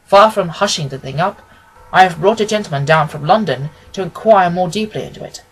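A man reading aloud who voices a stern, stubborn older banker speaking emphatically in a husky voice. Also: high-pitched, animated, brisk, faint music behind, heavily acted, rough recording. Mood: insistent. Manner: emphatic, insistent.

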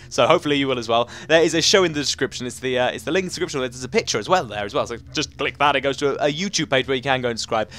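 A man giving chatty, excitable let's play commentary, talking to himself as he plays. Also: a little high. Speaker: gaming commentator.

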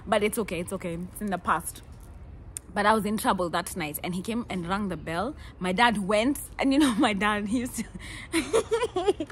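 Kenyan girl in her 20s vlogging, animated and playful, bit of faint hiss behind. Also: medium pitch. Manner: animated, playful, laughs often, acts out quotes. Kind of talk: casual storytelling.

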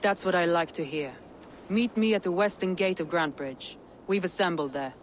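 An actress playing a confident female Viking leader in a video game, speaking briskly and giving directions. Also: fairly low pitch, slight background noise, natural voice. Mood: rallying.

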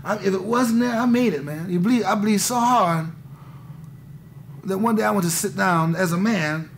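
A man's voice: high-pitched, moderate pace, gravelly, slight background noise. A man in his thirties talking candidly in an interview, rambling and intense, restarting often and saying "man" a lot. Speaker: interviewee, musician. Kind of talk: candid conversation.

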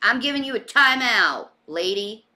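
A woman's voice: on the high side, lively intonation, normal speed, bright, forceful tone. A woman streamer venting angrily and swearing on a livestream, heated and defensive. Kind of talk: angry livestream rant.

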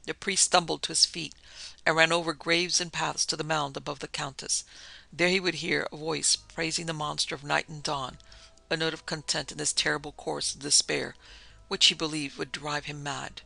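Gravelly, bright-voiced male storyteller. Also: a little high, little pitch movement, no echo, rough recording. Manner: measured, solemn reading. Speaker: narrator and podcast host. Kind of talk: scripted narration of a gothic story.

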